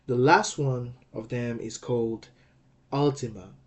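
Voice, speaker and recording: Slow, patient male language teacher. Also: medium pitch. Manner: patient, repeats and checks with "okay?"; sounds out words syllable by syllable. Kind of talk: slow explanatory lecture.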